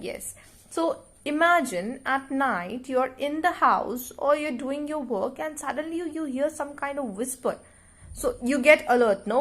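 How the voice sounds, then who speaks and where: A woman with an Indian English accent, teaching a class poem, reading lines expressively and explaining slowly with questions to her students. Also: high voice.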